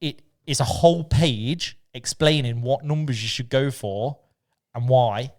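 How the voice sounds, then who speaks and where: A man's voice: mid-range voice, measured pace. A man co-hosting a podcast, telling stories in casual chat and acting out what people said, laughing often. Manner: animated storyteller, acts out quoted lines, laughs often. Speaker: podcast co-host.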